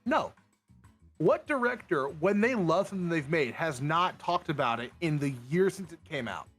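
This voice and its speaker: A man's voice: on the high side, normal speed, soft background music. A young man hosting a livestream, chatting casually with friends and giving his opinions. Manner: animated, opinionated, jumps into mock voices. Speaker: streamer host. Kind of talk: casual chat.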